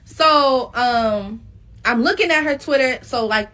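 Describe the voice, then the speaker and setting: A woman tells a story casually and with profanity, animatedly acting out what people said. Her voice is high-pitched and slow.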